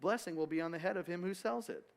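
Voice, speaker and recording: A man's voice: high-pitched, fast talker, gravelly. A man leading a Bible study, teaching in a loose, conversational way with asides and restarts. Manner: casual, rambling with restarts and asides.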